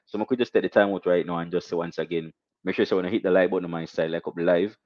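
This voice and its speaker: A young Jamaican man hosting a casual live stream, shouting out viewers and reading donations with animated, repetitive catchphrases. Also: low voice, very fast, no room sound, dull audio.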